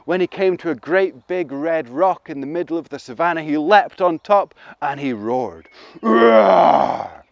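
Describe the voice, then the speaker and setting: A man telling a folk tale to children, animated and playful, asking his listeners questions. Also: fairly high pitch, moderate pace, hardly any pauses, no room sound, muffled recording. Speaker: storyteller. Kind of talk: interactive children's storytelling.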